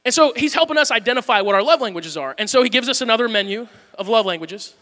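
A man preaching a sermon in a church, candid and self-deprecating, moving between hushed talk and shouting. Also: extremely high pitch, lively intonation, fast talker, big-room sound. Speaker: pastor.

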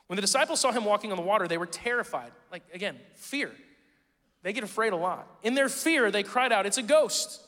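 A man preaching a sermon in a church, joking and conversational, swinging between loud emphasis and hushed tones. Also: high-pitched, expressive, brisk, long reverb tail. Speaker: pastor. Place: church sanctuary.

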